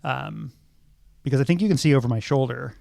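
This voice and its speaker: A man's voice: medium pitch, a little fast, gravelly, dark tone, dry recording, clean studio sound. A middle-aged man and podcast co-host, talking through films thoughtfully, with many ums and restarts. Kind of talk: casual film discussion.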